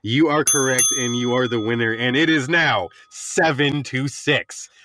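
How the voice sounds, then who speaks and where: A man's voice: medium pitch, measured pace, background noise. A man co-hosting a casual movie podcast and running a quiz, playful and laughing often. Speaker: podcast co-host, quiz master.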